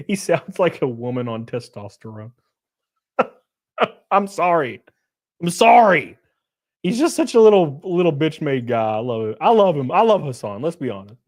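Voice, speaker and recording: A man with a drawl hosts a live stream, talking crude and loose and laughing at his own jokes. His voice sits a little higher than most men's. He keeps up a running banter with his chat. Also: darkish tone. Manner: crude, joking, laughs often, greets chat. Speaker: streamer host. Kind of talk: casual live-stream commentary.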